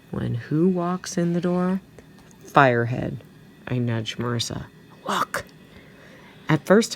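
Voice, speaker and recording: A woman's voice: very deep voice, vocal fry, slight background noise. A woman reading a children's novel aloud chapter by chapter, as a teacher for her students. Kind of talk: storybook read-aloud.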